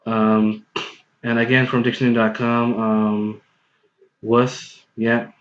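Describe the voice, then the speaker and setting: A man's voice: mid-range voice, flat delivery, slow pace. A man giving a patient, step-by-step pronunciation tutorial, repeating points and often checking in with okay. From United States. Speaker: online language tutor. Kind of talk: explanatory tutorial voice-over. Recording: roomy, slightly dull home recording.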